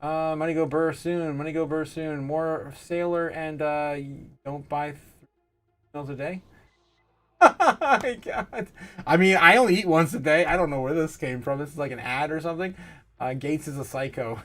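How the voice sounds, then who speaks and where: A man with a slightly high voice hosts a casual livestream, reading out viewer chat comments. He rambles, giggles often and leans on fillers as he talks. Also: fairly even intonation, moderate pace, a bit bright. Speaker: livestream host.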